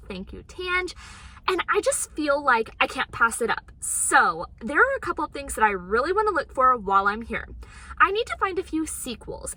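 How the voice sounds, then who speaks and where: A woman recording a casual book-shopping vlog voiceover, chatty and upbeat, her voice a little sick from a cold. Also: high-pitched. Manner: chatty and upbeat, excited gasps. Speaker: book vlogger. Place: recorded at home after the shopping. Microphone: voiceover mic.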